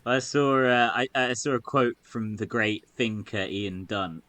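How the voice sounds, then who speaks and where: A man hosting a podcast, chatting in a sardonic, sweary way, full of halting fillers. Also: medium pitch, fairly bright tone. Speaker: podcast host. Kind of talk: casual political chat.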